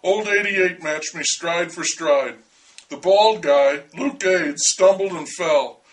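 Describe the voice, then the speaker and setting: A man's voice: a little high, slow pace, recorded from a distance, low-quality recording. A man narrating a first-person story in a dry, wry way.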